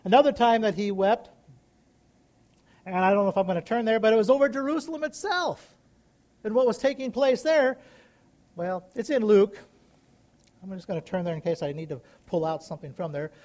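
Man, pastor, sermon, high-pitched, emphatic, questioning the congregation. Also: brisk, pauses often, darkish tone. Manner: preaching, rising into emphatic calls and questions.

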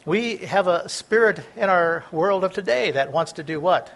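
Guy preaching, voice sits pretty high, reads verses then explains them, trips on words sometimes. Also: animated, moderate pace, creaky, a bit bright. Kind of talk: sermon, Bible reading.

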